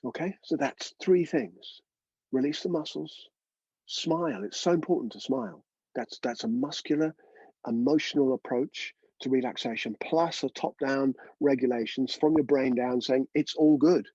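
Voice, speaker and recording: A man's voice: medium pitch, moderate pace, darkish tone, slightly rough, no room sound, muffled recording. A man teaching a live online breathwork class, chatty and coaching, often checking in with his students.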